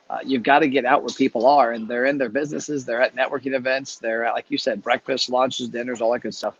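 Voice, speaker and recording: A man talks quickly and chattily, hosting a casual live chat. His stories roll out at a brisk clip. The sound is dull and lo-fi, like a live stream. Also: medium pitch, slightly rough. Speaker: host. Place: travelling, speaking from a hotel.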